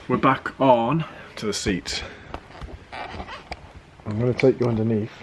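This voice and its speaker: This time he takes it slowly, his voice at medium pitch, as he chats in a British accent about converting the van from under and inside it. The workshop recording is noisy and clicky, and his commentary is full of swearing and dry self-mockery.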